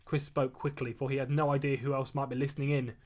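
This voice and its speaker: A man reading a chapter of his own novel aloud on a live stream, measured and steady, after a casual greeting. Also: medium pitch. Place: at home. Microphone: webcam or phone mic.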